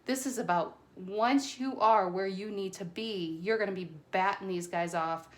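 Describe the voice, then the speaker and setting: A woman doing a casual tarot reading to camera, chatty and excitable, a little nervous and stumbling over her words. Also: mid-range voice, moderate pace. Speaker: tarot reader.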